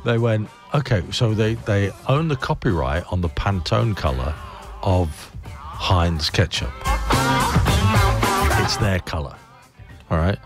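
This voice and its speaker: A man presenting a morning radio show, rambling casually with chuckles and self-mocking asides. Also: on the low side. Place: radio studio.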